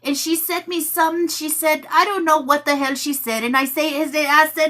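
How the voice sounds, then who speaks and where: A woman host chatting casually to her viewers, telling a story with animated quotes and laughter. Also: high voice, moderate pace. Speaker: tarot channel host.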